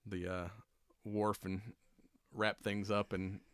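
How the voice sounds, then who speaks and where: A man's voice: lowish voice, little pitch movement, slow, fairly bright tone, clean tone, no echo, clean studio sound. A man hosting a podcast, chatting casually through a TV episode recap, swearing freely, laughing often and acting out the characters' lines. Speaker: podcast host.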